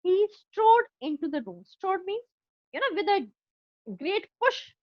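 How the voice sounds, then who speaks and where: Speaking very high and sing-song at a slow pace, this Indian English teacher explains a story one line at a time and keeps asking whether her students understand. The recording is dry, with the highs cut off.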